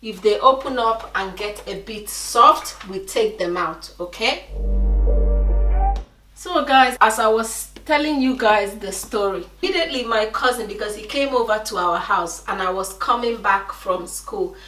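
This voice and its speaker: A woman's voice: medium pitch, a little slow, bright, forceful tone, faint music behind. A woman from Nigeria with a Nigerian accent, chatting animatedly to viewers while cooking and telling a story. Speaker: vlogger. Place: home kitchen. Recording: echoey room, mic at a distance.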